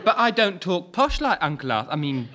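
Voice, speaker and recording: A naive, timid young bank clerk who answers hesitantly, his pitch lifting and dipping. The track has loud noise underneath. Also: very animated, brisk. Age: young adult. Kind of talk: period sitcom acting.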